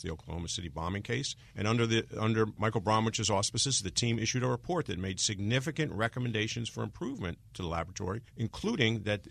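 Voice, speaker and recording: Gravelly older man, measured. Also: lowish voice, a bit bright, no room sound. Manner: measured, deliberate storyteller who acts out quoted voices. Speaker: former inspector general, guest author. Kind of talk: recounting anecdotes in an interview.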